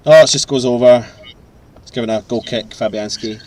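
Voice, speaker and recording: A man co-hosting a live football watchalong, excitable and groaning and cheering at the play. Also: medium pitch, moderate pace, no echo. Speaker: fan channel co-host. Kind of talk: live match watchalong chat.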